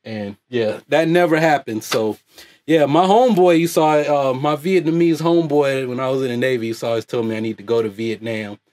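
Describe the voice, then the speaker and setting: A man from the United States, hosting his own online channel with a loud, profane, off-the-cuff rant and frequent laughter. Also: mid-range voice, brisk. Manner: loud, animated, laughs often. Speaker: YouTube host.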